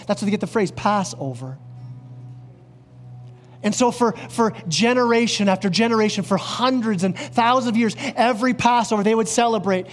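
A male pastor preaching an earnest sermon, dropping lower and slower on key words. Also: faint music behind. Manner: earnest, drops low and slow on key words. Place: church.

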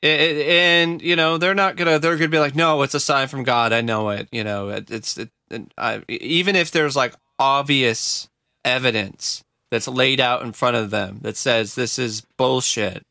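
A man co-hosting a casual podcast, ranting in animated, profane bursts. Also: medium pitch, moderate pace, gravelly, dry recording, studio quality. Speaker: podcast co-host. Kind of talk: casual chat.

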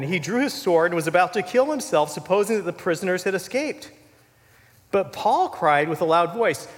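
Guy preaching a sermon, chatty and animated, voice bouncing all over, long echo in a big hall. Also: sits high. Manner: animated, conversational, with asides and filler "you know". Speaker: pastor.

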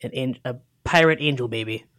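A man casually retelling a movie plot in a chat, animated and full of fillers, slipping into put-on voices for the characters. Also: mid-range voice, a little fast. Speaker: film recapper.

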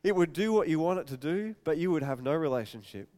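Animated high-voiced male preacher. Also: quick pace. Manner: animated, acts out scenes with quoted voices. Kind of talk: sermon with storytelling.

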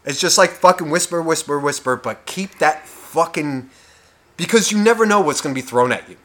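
A young man ranting on a casual podcast, his voice sitting a little high for a man. He curses through nearly every line and swings from hushed whispers to loud outbursts. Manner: profane, heated, swings between loud and whispering. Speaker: podcast co-host.

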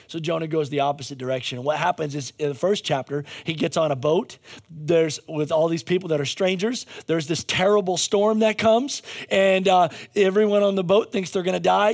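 A man's voice: fairly high pitch, gravelly. A male pastor giving a conversational sermon, telling a story with jokey asides and frequent restarts.

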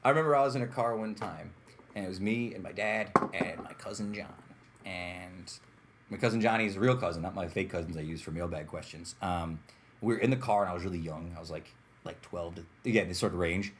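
A man hosting a casual podcast chat, telling stories with lively acted-out quotes. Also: deep voice, a little fast, noisy background. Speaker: podcast host.

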